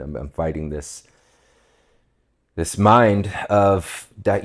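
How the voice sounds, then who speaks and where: A man from West Virginia, a podcast guest, telling a relaxed, reflective story and laughing at himself. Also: deep voice, unhurried. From West Virginia, USA. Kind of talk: casual storytelling conversation.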